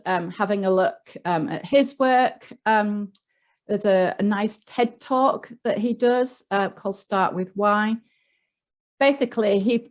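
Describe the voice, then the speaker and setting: A woman with a Yorkshire accent, speaking as a guest on a leadership panel, explaining ideas earnestly with frequent ums and small restarts. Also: medium pitch. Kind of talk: online panel talk.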